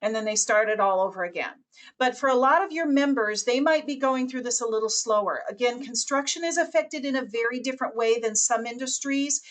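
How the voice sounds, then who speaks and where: A woman presenting over a webinar call, her voice sitting a bit high for a woman. She talks with animated energy and slips into quick character voices when she quotes people. Her delivery is confident and instructional.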